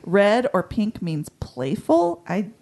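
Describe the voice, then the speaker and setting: A woman's voice: mid-range voice, very animated, slow, vocal fry, darkish tone. A woman co-hosting a casual podcast, explaining word meanings in detail with a playful touch. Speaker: podcast co-host. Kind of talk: casual chat.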